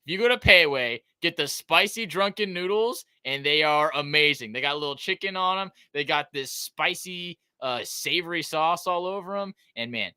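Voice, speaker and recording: Bright, emphatic male podcast co-host. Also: on the high side, lively intonation, moderate pace, hardly any pauses, smooth, no echo, clean studio sound. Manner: emphatic, playfully opinionated. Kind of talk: casual chat.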